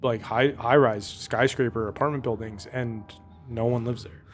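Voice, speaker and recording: A man's voice: mid-range voice, fairly even intonation, moderate pace, faint music behind. Rambling man in casual podcast chat. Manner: rambling, lots of "like" fillers, thinking aloud.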